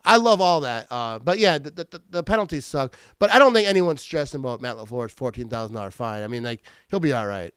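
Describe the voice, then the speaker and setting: A man hosting a casual sports talk show, excitable and quick to laugh, often restarting his sentences. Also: medium pitch, smooth, dry recording. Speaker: podcast host.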